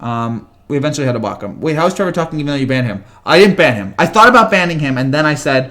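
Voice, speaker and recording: A man's voice: medium pitch, expressive, quick pace, few pauses, fairly bright tone. A young man in his twenties hosting a casual livestream, chatting with viewers in a rambling way, full of fillers and stammered restarts. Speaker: livestream host. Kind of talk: casual live chat reading viewer comments.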